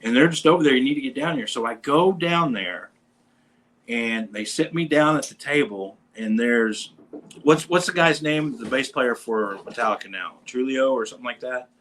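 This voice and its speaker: A man hosting a casual show, telling a rambling, animated anecdote about meeting a band. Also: mid-range voice, normal speed, rough recording. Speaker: podcast host; bass player in a metal band. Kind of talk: casual storytelling chat.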